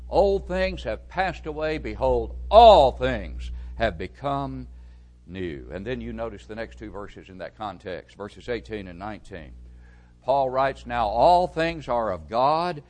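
A man's voice: medium pitch, lively intonation, measured pace. A man preaching a sermon, reading verses aloud and explaining them with strong stresses that drop away at phrase ends. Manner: emphatic, with rising stresses and falling, quieter phrase ends; reads scripture aloud, then explains it.

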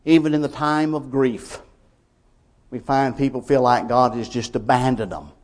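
A man preaching a sermon, emphatic, with swings from quiet lines to loud ones. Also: medium pitch, normal speed.

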